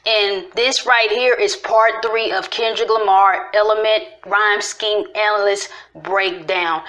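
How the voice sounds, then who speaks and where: A woman's voice: on the low side, fairly bright tone. A woman casually explaining rhyme patterns in a video, repeating and stretching syllables as she goes. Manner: talks through syllables slowly, repeating and stretching sounds.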